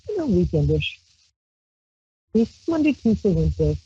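In a lowish, dark, breathy sing-song voice at normal speed with long pauses, a Brooklyn woman reads tarot on a handheld mic for her psychic call-in radio show. She rambles and chats playfully, squealing exclamations. The recording has no room sound and comes across as dull, dry lo-fi stream audio.

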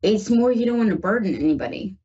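A woman's voice: medium pitch, expressive, fast talker, warm tone, breathy edge, muffled recording. A woman from the northern United States hosting a live call-in psychic radio show, chatty and reassuring as she reads tarot and talks to her listeners.

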